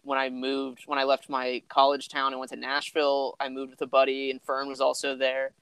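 A young man in relaxed conversation, easygoing and laughing as he tells loose stories. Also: mid-range voice, a little fast, smooth, no room sound, rough recording. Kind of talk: casual chat.

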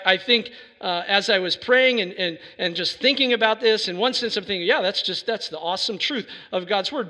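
High bright-voiced man preaching in a hall. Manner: earnest, builds to emphatic preaching. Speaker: pastor. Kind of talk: sermon. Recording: reverberant hall sound.

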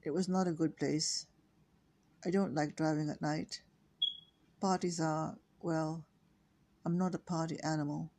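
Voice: medium pitch, vocal fry, dark tone, husky. A reader doing a lonely, upset young woman.

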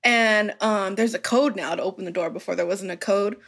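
A woman's voice: mid-range voice, a little fast, vocal fry, a bit bright. A young woman telling a story in casual podcast chat, laughing often, swearing and filling her talk with "like". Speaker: podcast guest.

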